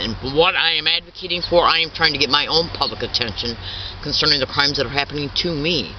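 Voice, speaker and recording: A man in his fifties, an activist giving an impassioned statement, halting and repetitive, full of restarts and insistent indignation. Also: fairly high pitch. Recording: dull distant recording with faint traffic.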